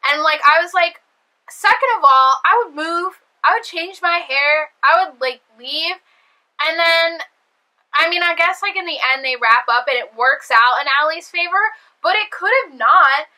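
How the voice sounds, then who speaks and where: A woman's voice: very high voice, lively intonation, normal speed, pushed and bright, low-quality recording. A young woman vlogger chatting casually about a TV episode, using lots of fillers and acting out her own reactions. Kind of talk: casual chat.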